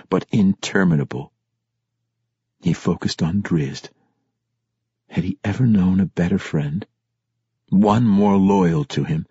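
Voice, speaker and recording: A man narrating a fantasy audiobook in a measured way, rising to dramatic emphasis on key phrases. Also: sits low, mellow, breathy edge, no room sound, muffled recording.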